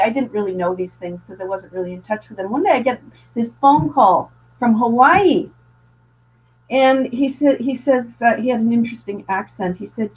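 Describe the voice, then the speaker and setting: This is an earnest woman from Canada speaking as a guest on an interview show. She talks in a conversational storytelling way and often restarts or repeats words. Her pitch sits in the middle range, and the audio sounds muffled, like a video call.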